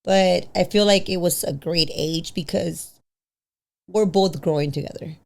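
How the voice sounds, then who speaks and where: A woman in her thirties, a podcast guest telling a personal story casually, acting out quoted voices with big pitch jumps and slipping into Spanish now and then. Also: measured pace, gravelly, a little mellow. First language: bilingual, switches into Spanish. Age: 30s.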